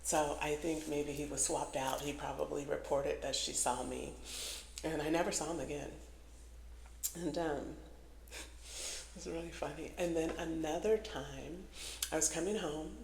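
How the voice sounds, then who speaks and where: A woman telling stories in a casual vlog monologue, animated, often laughing and swearing. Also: sits low, vocal fry, slight background noise. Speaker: vlogger. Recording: echoey room with long reverb.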